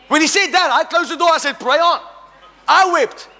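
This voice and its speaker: A middle-aged man preaching a sermon to a congregation, animated and humorous, rising to shouts and drawing call-and-response. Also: very high voice, normal speed. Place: church hall. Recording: church hall reverb.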